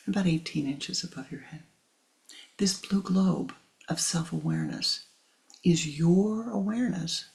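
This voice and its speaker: Slow hushed meditation teacher, man. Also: fairly high pitch, gravelly. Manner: slow, hushed, often whispery. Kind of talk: spiritual teaching and storytelling.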